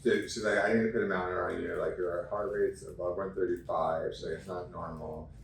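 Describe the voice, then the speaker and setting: Chatty low-voiced male guest, echoey room. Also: a little fast, gravelly, slight background noise. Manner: chatty, animated, laughs while telling stories. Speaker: interview guest. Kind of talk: casual interview chat. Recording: echoey room, mic at a distance.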